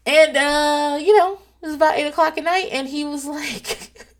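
A married woman hosting a casual talk show, gossiping in an animated, profane way and breaking into laughs as she tells stories. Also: sits high, moderate pace. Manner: animated, profane storytelling with laughs and acted-out quotes. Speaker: podcast host.

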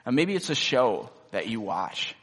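A man's voice: medium pitch, sing-song, measured pace, fairly bright tone, breathy edge, long reverb tail. A man preaching a sermon in a loose, conversational way, often checking in with the listeners. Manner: conversational, many rhetorical "right?" tags. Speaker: pastor.

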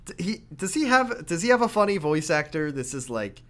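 A man in casual chat recapping a video game, lively and acting out character lines as he goes. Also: a little high, fairly quick. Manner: animated, acts out character lines.

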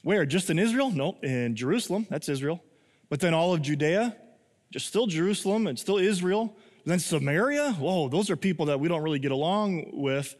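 A man in his younger adult years preaching with a slightly high voice. He talks in an animated, joking way and breaks into laughter as he acts out the scenes. His voice rings with the long reverb of a church hall. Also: brisk. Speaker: pastor. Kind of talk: sermon.

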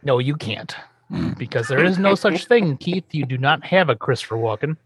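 Animated jokey male podcast host. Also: moderate pace, husky, dry recording. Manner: animated, jokey, swings up into high exaggerated tones. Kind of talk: casual comedic podcast chat.

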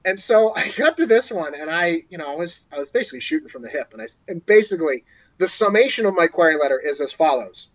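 A man's voice: fast, low-quality recording. A man, an author guest on an interview podcast, telling a story casually and acting out other people's lines in a lifted voice. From Boston area. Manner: animated, acts out quoted voices in a higher pitch.

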